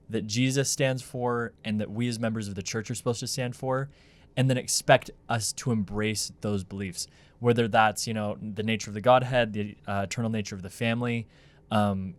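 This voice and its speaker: A man co-hosting a casual podcast, making earnest, firm arguments in conversation. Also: medium pitch. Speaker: podcast co-host.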